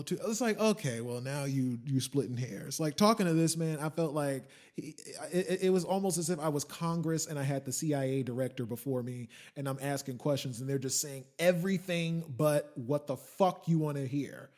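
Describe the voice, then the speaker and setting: A man hosting a podcast, telling a story as a profane rant that swings from muttering asides to shouting. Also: a little high, a little fast, hardly any pauses. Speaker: podcast host. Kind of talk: ranting monologue.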